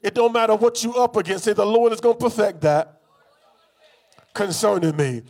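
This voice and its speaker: A man preaching a sermon, leading the congregation in call-and-response with rhythmic repetition and drawn-out, emphatic lines. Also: sits high, darkish tone. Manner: call-and-response, has congregation repeat phrases.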